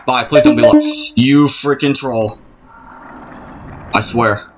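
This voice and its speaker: A man with a medium-pitched, fairly bright voice and fairly even intonation talks at a moderate pace while playing a horror game at home at night. He's jittery, rambling, repeating himself and apologizing. The sound is dull and lo-fi, with game music and a little background noise.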